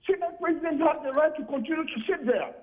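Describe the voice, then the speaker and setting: A man's voice: very high-pitched, fast talker. A man calling in who speaks emphatically and stammers as he starts. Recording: tinny phone line.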